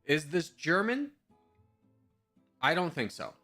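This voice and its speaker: A man streaming live, talking through his guesses out loud in a loose, self-mocking way. His voice is bright and forward, and his pitch jumps around a lot. Soft music plays faintly underneath. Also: very animated, slow pace. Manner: thinks aloud, chatty, self-mocking. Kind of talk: casual live-stream commentary.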